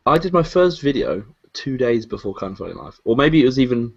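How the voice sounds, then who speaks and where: A man's voice: medium pitch, sing-song, brisk, creaky, lo-fi sound. An English man, a guest on a podcast, chatting in a dry, easygoing, playful way. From England. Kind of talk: casual podcast chat.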